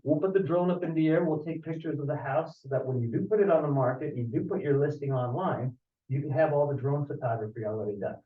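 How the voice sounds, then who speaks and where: A man, a home inspector, giving a casual talk to an audience and telling stories with animated asides. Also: a little high, fast talker. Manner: storytelling, animated, acts out callers. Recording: roomy, distant, dull audio.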